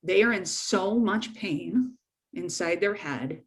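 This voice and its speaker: A woman's voice: on the low side, lively intonation, slow pace. A middle-aged woman counselor giving a frank, informal webinar talk to teens, repeating key points for emphasis. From United States.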